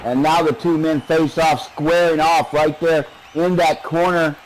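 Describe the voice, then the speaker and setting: A man doing play-by-play wrestling commentary, excitable and joking, his voice climbing during the action. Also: fairly high pitch, unhurried, slight background noise, poor audio.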